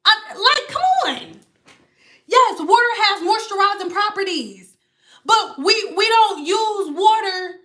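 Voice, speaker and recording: A woman hosts a casual livestream as a hairstylist. Her voice sits high and sharp. She talks bluntly and emphatically, swearing as she answers her viewers' comments. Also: lively intonation, slow pace. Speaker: hairstylist and channel host.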